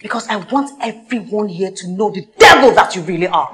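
A woman's voice: mid-range voice, lively intonation, brisk, echoey room, close to an everyday voice. An actress playing a grim young woman with a Nigerian accent, cutting and accusing as she confronts a liar. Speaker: sister avenging her late sister.

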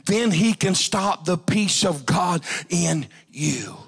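Man, raised pitch, preaching sermon in church, shouts and swoops up high. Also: slow pace, gravelly, slightly rough, soft background music. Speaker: pastor. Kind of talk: revival sermon. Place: church sanctuary.

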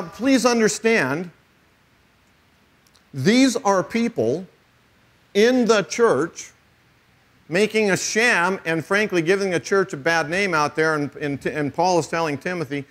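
Middle-aged pastor guy preaching, high voice, punchy and emphatic with dry little jokes. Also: animated, unhurried, long pauses, fairly bright tone. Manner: emphatic preaching with wry asides. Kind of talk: sermon.

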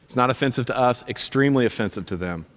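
Male pastor, mid-pitched, punchy and insistent sermon delivery, recorded with a long hall reverb. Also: fast, a bit bright. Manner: emphatic, repeats commands, direct and punchy. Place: church sanctuary.

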